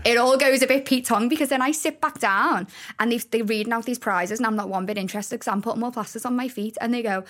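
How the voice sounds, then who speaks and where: A woman in her thirties with a Liverpool accent, a talk show guest telling stories in a lively way, laughing often and acting out what people said. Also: fairly high pitch, quick pace, hardly any pauses. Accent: Liverpool (Scouse). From Liverpool, England. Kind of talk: casual storytelling chat.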